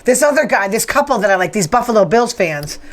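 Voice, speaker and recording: A woman's voice: mid-range voice, very animated, quick pace. A woman, hosting a rambling, opinionated casual monologue. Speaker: podcast host.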